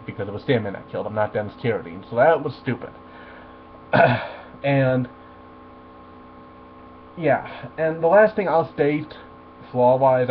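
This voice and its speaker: Profane ranting man, tinny audio. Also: medium pitch. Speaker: movie reviewer. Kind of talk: ranting film review. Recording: tinny phone-like audio with faint mains hum.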